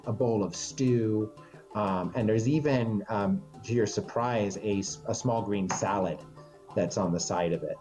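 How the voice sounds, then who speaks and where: A man narrating a tabletop game as game master in a halting way, full of ums and restarts. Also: on the low side, dark tone, faint music behind.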